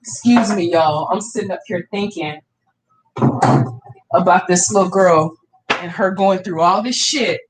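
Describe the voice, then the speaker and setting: A woman's voice: fairly low pitch, a little slow, long pauses, a little hiss or hum. A woman hosting a live stream, chatting casually with viewers by name and talking back to their comments in a blunt, profane, outspoken way.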